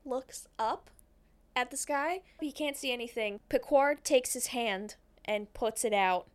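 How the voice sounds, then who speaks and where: A woman with a fairly high voice retells a film's plot on a casual podcast. Her delivery is loose and slangy, with cursing. She stumbles over names and corrects herself as she goes. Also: measured pace, clean tone. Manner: rambling, self-correcting. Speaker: podcast co-host recapping a film. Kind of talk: casual chat.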